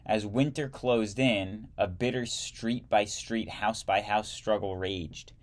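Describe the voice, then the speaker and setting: A man's voice: on the low side, steady tone, slow. A man reading a history text aloud, often stumbling and correcting himself, with wry asides to the listener.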